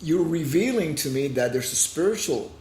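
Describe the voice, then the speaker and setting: A man's voice: fairly high pitch, animated, moderate pace, darkish tone, echoey room. A man hosting a podcast interview, supportive and effusive with praise for his guest. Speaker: podcast host. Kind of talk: conversational interview.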